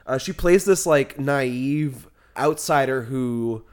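A man's voice: mid-range voice, slow pace, darkish tone. A man co-hosting a podcast in casual film talk, chatty and full of filler words. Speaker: podcast co-host.

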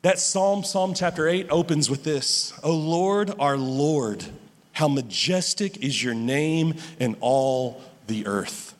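A man preaching a sermon as pastor, emphatic and animated, often laughing and restarting his sentences. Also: fairly high pitch, big-room sound.

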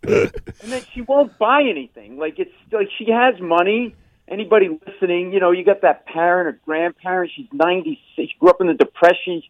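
A middle-aged man hosting morning radio, telling a family story in an animated way and acting out the voices of the people he quotes. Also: sits high, brisk, no room sound, lo-fi sound. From Rhode Island. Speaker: radio show host.

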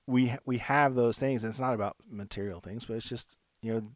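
A man's voice: medium pitch, steady tone, brisk, no room sound. A man co-hosting a Christian podcast, talking in an earnest, rambling way with many restarts. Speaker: podcast co-host. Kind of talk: casual faith podcast chat.

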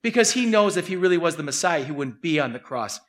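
A man preaching a sermon, animated and acting out scenes. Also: a little high, fast talker. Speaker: pastor.

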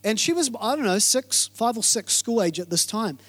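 A man preaching a sermon in an energetic way, repeating phrases and quizzing the congregation. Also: high voice, normal speed. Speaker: pastor.

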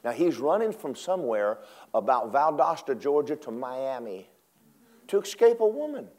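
A male preacher delivering a sermon, swinging from low murmurs to high, dramatic acted cries. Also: very animated, normal speed, darkish tone.

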